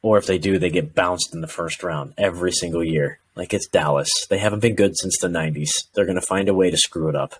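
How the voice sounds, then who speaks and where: A man with a fairly low voice talks football with a co-host in a relaxed podcast chat. He gets animated and slips into mock voices of frustrated fans. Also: brisk, few pauses, breathy edge. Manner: animated, acts out fans' rants in quoted voices. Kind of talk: casual sports chat.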